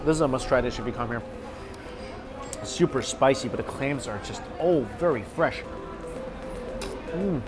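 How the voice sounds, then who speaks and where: A man's voice: mid-range voice, moderate pace, pauses often. A man hosting a casual food vlog, chatty and enthusiastic as he tastes dishes and recommends them. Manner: enthusiastic, chatty, savoring food between lines. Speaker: food vlogger host. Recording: music bed under the voice.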